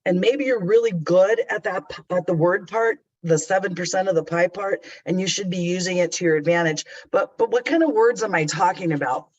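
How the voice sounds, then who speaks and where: Man, middle-aged, high-pitched, conversational trainer, candid, slightly muffled audio. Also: brisk, few pauses. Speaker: customer service trainer. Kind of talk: webinar presentation.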